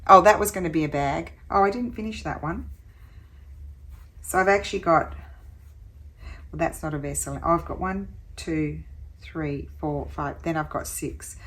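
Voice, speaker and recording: A woman's voice: low-pitched, moderate pace, long pauses, fairly bright tone. A woman talking through her sewing project as a craft vlogger, chatty and thinking aloud with little exclamations.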